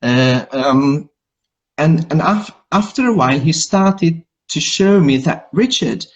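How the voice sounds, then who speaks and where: A man's voice: fairly high pitch, lively intonation, slow pace, dull audio. A Hungarian man, an English teacher, in a casual live chat, talking in a chatty, self-deprecating way with many restarts.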